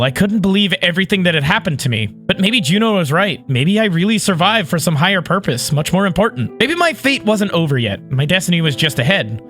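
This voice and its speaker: Male gamer reading a visual novel aloud, high and bright voice, swings wildly, shrieks at big moments, faint music underneath. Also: no echo, studio quality. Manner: excitable, shrieks and yells reactions.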